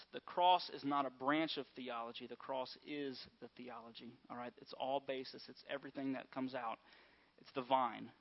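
Male pastor, conversational sermon delivery with constant call-and-response checks, muffled lo-fi sound. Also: medium pitch. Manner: conversational, repeatedly asks "all right?" and "amen?". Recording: dull lo-fi sound.

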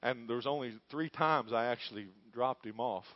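A man's voice: mid-range voice, moderate pace, dry recording. A man, a pastor preaching a sermon and telling a story with growing fervor. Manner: storytelling, building to fervent shouting. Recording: dull dry lo-fi.

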